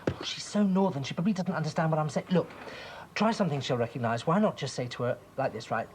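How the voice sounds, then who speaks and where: A rushed, fumbling schemer, lowish voice, quick, noisy old tv tape. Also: female voice, lively intonation. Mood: flustered. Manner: rushed, fumbling, full of fillers. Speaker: scheming friend feeding lines in a sitcom sketch. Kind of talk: TV sitcom acting.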